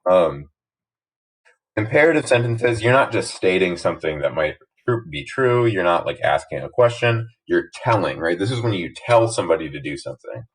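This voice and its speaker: A man's voice: sits low, lively intonation, moderate pace, poor audio. A young man teaching grammar from slides in a casual, explaining way, often checking in with "right?". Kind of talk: recorded slide lesson narration.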